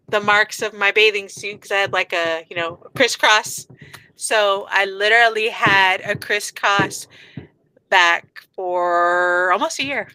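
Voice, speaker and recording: A woman's voice: medium pitch, pushed and bright, clean tone, rough recording. A woman co-hosting a podcast, telling a story in casual chat with frequent laughs. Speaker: podcast co-host.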